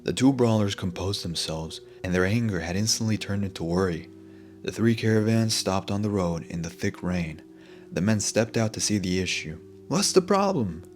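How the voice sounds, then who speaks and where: A man narrating a fantasy audiobook in a steady storytelling manner. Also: sits low, normal speed, soft background music. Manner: steady storytelling, voices every figure.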